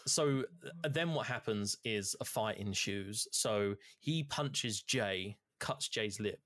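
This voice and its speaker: A man's voice: on the low side, takes it slowly, no room sound, studio quality. Man swapping game stories. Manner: swearing, animated storytelling. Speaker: podcast co-host. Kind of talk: casual chat recounting a video game.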